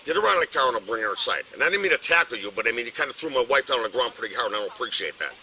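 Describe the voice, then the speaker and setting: A man's voice: mid-range voice, expressive, very fast, pushed and bright, low-quality recording. An older man, arguing in the street, agitated and swearing, recorded on a police body camera outdoors. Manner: agitated, swears often, talks over others. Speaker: arrested woman's husband. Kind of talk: heated street argument.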